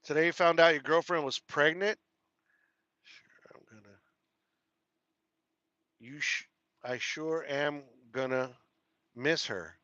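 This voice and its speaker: A man's voice: a little high, slow pace, pauses often, bright, forceful tone, no echo, lo-fi sound. A man with a Texas country twang hosting a casual live stream from his truck cab, reading viewer comments, laughing often and repeating his thanks. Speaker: trucker livestream host.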